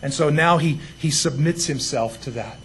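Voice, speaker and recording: Male pastor, high voice, chatty sermon full of asides. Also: normal speed, a bit bright, a little hiss or hum. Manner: conversational preaching, many asides and rhetorical "right?".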